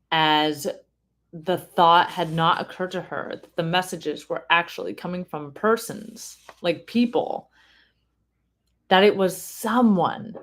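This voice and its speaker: A woman reading a family memoir aloud in a casual way, stopping often to comment and explain. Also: fairly low pitch. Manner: reads slowly, breaks off to comment and explain.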